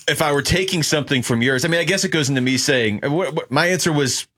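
A man's voice: on the high side, fairly quick, a bit bright. A man co-hosting a casual sports talk show, dry and teasing. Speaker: co-host.

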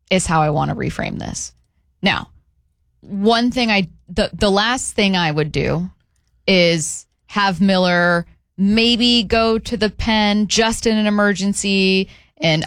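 A woman's voice: medium pitch, a bit bright, dry recording. A woman co-hosting a casual sports talk show, giving firm opinions and often restarting her sentences. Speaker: co-host.

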